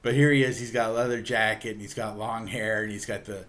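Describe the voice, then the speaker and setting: On his channel, a reviewer gives a casual comic book review, recounting the story with ums, uhs, and the occasional chuckle. His voice is somewhat low and his delivery easygoing and halting.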